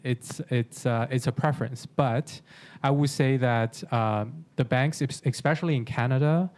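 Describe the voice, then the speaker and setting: A man speaking as a panelist, explaining things in a measured way with some loose phrasing. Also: medium pitch, a little mellow. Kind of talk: casual panel discussion. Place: conference room panel.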